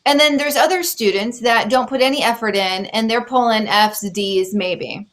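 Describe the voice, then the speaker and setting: A woman hosting a casual interview show, talking in an animated, opinionated way, getting worked up and teasing her guest. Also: fairly high pitch, normal speed. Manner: teasing, joking. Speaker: show host.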